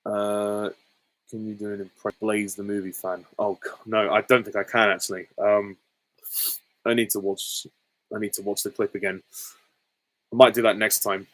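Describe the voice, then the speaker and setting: A man's voice: fairly low pitch, flat delivery, normal speed, pauses often, fairly bright tone, rough recording. A man hosting a live stream, reading out viewer questions and answering them in a candid, chatty way.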